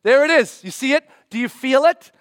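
A man preaching a sermon, acting out scenes in voices and swinging from loud bursts to hushed, slow passages. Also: very high voice, lively intonation, clear, resonant tone, no room sound, studio quality.

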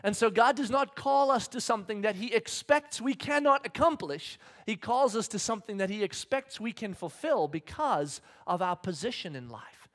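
A man's voice: high-pitched, moderate pace, hardly any pauses. A man in his thirties preaching a sermon, telling a personal story with humor and acting out the scenes. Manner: animated storyteller, acts out scenes, self-deprecating humor. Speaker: pastor. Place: church hall with congregation.

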